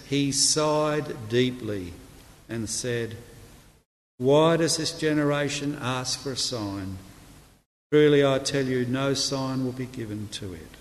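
Preacher, New man, unhurried measured sermon delivery, long church-hall reverb. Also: mid-range voice. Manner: slow, measured reading with quiet, soft delivery of quoted words. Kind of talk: sermon with scripture reading.

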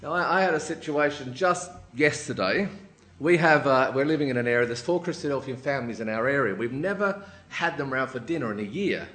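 A lay preacher with a medium-pitched voice talks fairly quickly through a sermon full of personal stories. He's lively, acting out the voices of the people he quotes and constantly asking the room "right?" A roomy hall echo colors the recording.

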